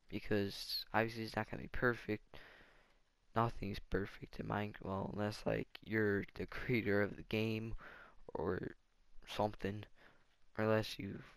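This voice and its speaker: A man with a low, gravelly voice talks his way through a building game in loose let's-play commentary. He rambles and thinks out loud as he goes. The sound is dry and close. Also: steady tone, measured pace, pauses often, dry recording. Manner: rambling, thinks aloud while playing. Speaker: gaming channel host.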